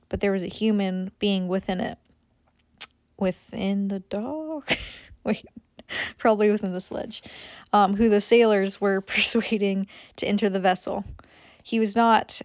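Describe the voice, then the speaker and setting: A woman's voice: medium pitch, a little mellow, no echo, lo-fi sound. A woman reading a classic novel aloud as an amateur audiobook, stumbling over words and breaking off for swearing asides. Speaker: audiobook reader.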